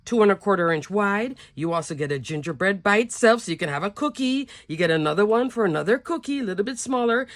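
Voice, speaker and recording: A woman hosting a craft video, chatting warmly and gushing over cute stamps as she shows them. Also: mid-range voice, dry recording. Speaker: craft channel host. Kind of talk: casual product show-and-tell.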